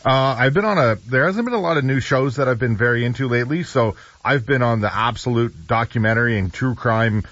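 A man co-hosting a show, chatting casually with short, relaxed replies. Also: medium pitch, fairly quick, hardly any pauses, no echo. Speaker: show co-host. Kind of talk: casual chat. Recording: dry, dull lo-fi sound.

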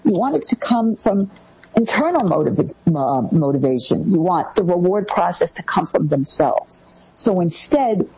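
A woman talks through parenting advice in a casual co-host manner. Her voice is husky and her pitch swings widely. The recording sounds dull and lo-fi. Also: a little slow. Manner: lively, acts out quoted parent lines in a higher voice.

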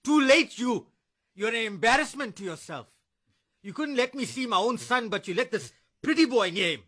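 An actor playing a drunk, abusive ex-husband who is a bullying cop, slurring and taunting. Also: male voice, high-pitched, lively intonation, fairly quick, bright, forceful tone, heavily acted.

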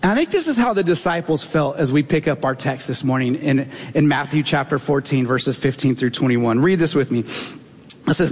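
A man's voice: mid-range voice, a little fast, breathy edge. A man in his thirties preaching a sermon as a pastor, telling a personal story in a conversational, self-deprecating way. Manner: conversational, self-deprecating, animated when retelling. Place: church sanctuary. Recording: long reverb of a large hall.

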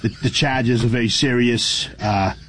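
An older man co-hosting a radio show in relaxed, chatty talk. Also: mid-range voice, moderate pace, a little hiss or hum. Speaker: radio co-host. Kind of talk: casual chat.

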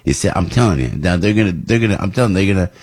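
A man's voice: sits low, expressive, rapid-fire, darkish tone, slightly rough. A talk radio host from New Jersey giving opinionated commentary, rambling and restarting his sentences often. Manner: rambling, with many restarts and repeats.

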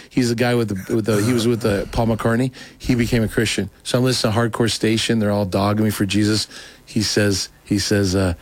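A man telling a personal testimony as a talk show guest, rambling and excitable, acting out what others said. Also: no echo. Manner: rambling, excitable, acts out quotes in a higher voice. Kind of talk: casual storytelling.

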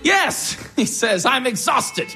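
A chatty, jolly schoolteacher. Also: male voice, extremely high pitch, sing-song, slow pace, vocal fry, bright, forceful tone, soft background music, exaggerated voice. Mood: cheerful. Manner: chatty, laughing easily. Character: jovial fussy middle-aged schoolteacher husband. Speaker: teacher. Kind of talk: stage drama acting.

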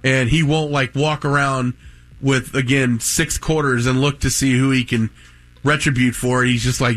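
A man's voice: medium pitch, moderate pace. A man in his thirties, co-hosting a talk show, telling a long anecdote in casual chat and acting out what people said. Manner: animated anecdote teller who acts out quotes. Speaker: radio show co-host.

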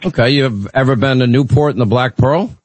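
A man's voice: mid-range voice, brisk, a little hiss or hum, rough recording. A man hosting a talk radio call-in show, blunt and opinionated, bantering with callers.

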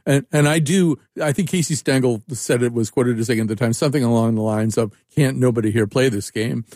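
Male host interviewer, reflective and musing, middle pitch, dry close mic. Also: brisk, a little mellow, no room sound. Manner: reflective, musing, asks for opinions. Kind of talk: conversational interview.

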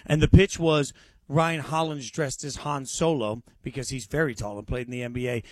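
A man's voice: normal speed, dry recording. A man in his forties, a sports radio host, talking casually and enthusiastically about movie outings in a studio. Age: 40s. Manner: excitable, enthusiastic pitching. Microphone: studio mic.

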